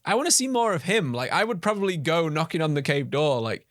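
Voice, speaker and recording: A man's voice: fairly high pitch, expressive, brisk, dry recording, studio quality. A man co-hosting a podcast, chatting casually with a playful, laughing manner. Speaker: podcast co-host. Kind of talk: casual comedic chat.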